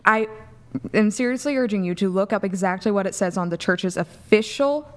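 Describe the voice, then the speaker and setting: A woman's voice: medium pitch, fairly quick. A woman in her early twenties speaks in an ordinary mid-range voice, pressing her point insistently and a little defensively. She sits on a panel. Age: 20s. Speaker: panel guest. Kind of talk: heated debate.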